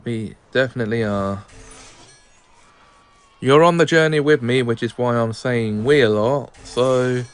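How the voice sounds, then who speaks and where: A man hosting a game playthrough, talking directly to his viewers in an unhurried way. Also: mid-range voice, clean tone. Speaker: gaming channel host. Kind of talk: let's play commentary.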